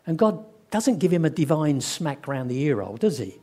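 Preacher with a mellow, fairly high voice. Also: male voice, sing-song. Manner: storytelling, acts out quoted voices, slows for emphasis. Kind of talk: sermon.

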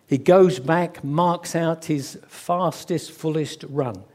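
A man's voice: a little high, takes it slowly. A man preaching a sermon, telling stories and acting out the quoted voices. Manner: animated storyteller who acts out quoted voices. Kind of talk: sermon with storytelling.

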